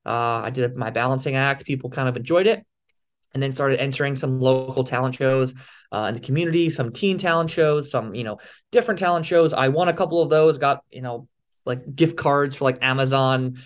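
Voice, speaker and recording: A young man from the Philadelphia area telling stories as an interview guest, lively and acting out the other people's lines. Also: mid-range voice, brisk. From Philadelphia area, USA. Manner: animated storyteller, acts out quoted dialogue. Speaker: guest, balancing performer. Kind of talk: casual storytelling interview.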